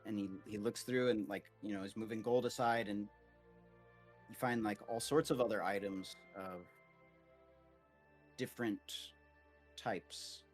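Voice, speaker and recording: A male game master narrating a tabletop adventure in a casual, rambling way, often reaching for "like". His voice sits low and his pace is unhurried. Faint music plays underneath. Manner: casual, rambling, many "like" fillers.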